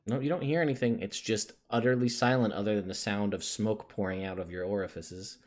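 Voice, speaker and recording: A game master guides players through a tabletop session with a loose, unhurried delivery, full of ums and uhs and quick restarts. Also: low voice, slight background noise. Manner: loose, with many fillers and restarts. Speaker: dungeon master.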